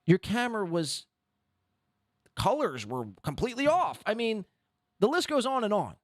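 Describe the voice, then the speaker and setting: Sarcastic high-voiced male podcast host. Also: big pitch swings, normal speed, dry recording, studio quality. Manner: sarcastic, mocking rant. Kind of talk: commentary on a played clip.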